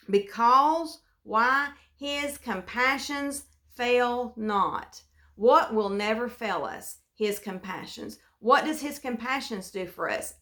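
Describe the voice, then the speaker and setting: A woman's voice: on the high side, a bit bright. A woman giving an earnest devotional Bible teaching, often repeating phrases and restarting her sentences. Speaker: devotional speaker.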